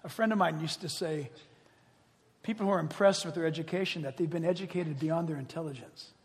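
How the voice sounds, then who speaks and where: A man preaching a sermon in an animated storytelling manner, often laughing as he talks. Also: on the high side, fairly quick. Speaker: pastor. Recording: long hall reverb.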